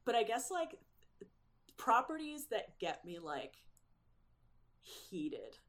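A woman chatting as a guest in a casual interview, animated and quick to laugh, with lots of fillers. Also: on the high side.

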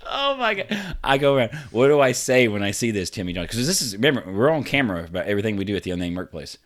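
A man's voice: on the low side, rapid-fire. Laughing man telling a work story. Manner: animated, laughs through the story, swears freely. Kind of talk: casual storytelling chat.

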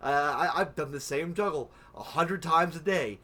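Bright-voiced stammering young man. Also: fairly high pitch, moderate pace. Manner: excitable, stammering restarts, heavy swearing. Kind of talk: casual chat.

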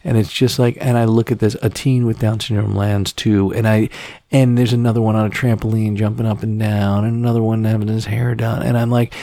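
A man's voice: fairly low pitch, flat delivery, a little fast, creaky, warm tone, no echo, clean studio sound. Rambling, emotional man on a podcast. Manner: rambling, emotional, laughs a lot. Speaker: podcast co-host. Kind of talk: casual podcast chat. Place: childhood bedroom.

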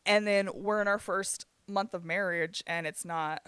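A man's voice: high voice, fairly even intonation, slow, bright, forceful tone, clear, resonant tone, dry recording. A man in his twenties telling a heated story in casual chat, swearing freely and laughing between lines. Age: 20s.

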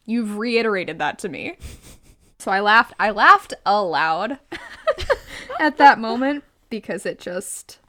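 A woman's voice: medium pitch, slow pace. Chatty woman discussing a book. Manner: animated, laughing often, reads quotes aloud. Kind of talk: casual chat.

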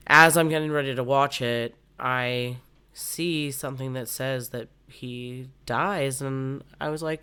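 A woman in a casual chat with a bright, forceful tone and a clean, smooth voice. She tells stories in an animated way and plays her own sobbing for laughs. A cold has left her slightly congested. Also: rumbling low, a little slow.

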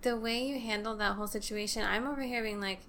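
A woman's voice: fairly high pitch, steady tone, quick pace, fairly bright tone, a little hiss or hum. A woman hosting a podcast, reacting in casual chat.

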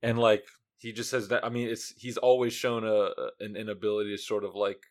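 A man's voice: on the low side, flat delivery, fairly quick, a little mellow. A young man co-hosting a casual sports podcast, joking and slangy, chuckling often. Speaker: podcast co-host.

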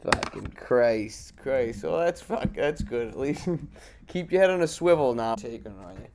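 A man's voice: mid-range voice, expressive, measured pace, a little mellow, a little hiss or hum. A man with a mid-range voice co-hosts a casual podcast. He jokes crudely and mocks freely, and he swears a lot. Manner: crude, mocking banter. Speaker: podcast co-host.

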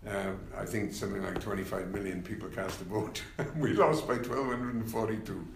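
An older man, a former party leader, telling anecdotes in an unhurried interview, with many fillers and wry laughs. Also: on the low side, gravelly, reverberant, background noise. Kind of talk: reflective interview conversation.

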